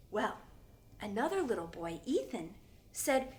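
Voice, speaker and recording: A woman preschool teacher telling a story to young children, dramatic and animated, dropping into hushed whispers. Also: on the high side, a little slow.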